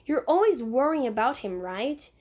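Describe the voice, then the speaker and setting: A woman's voice: sits high, sing-song, moderate pace, a little mellow. A woman reading aloud and voicing a bossy, self-assured young girl who insists on being in charge. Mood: persuasive. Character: bossy know-it-all young girl babysitter.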